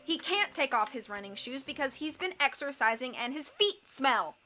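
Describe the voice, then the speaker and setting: A woman's voice: sits high, expressive, moderate pace, pushed and bright, soft background music. A woman reading aloud, voicing a smug, self-important male school official with a pompous, dismissive manner.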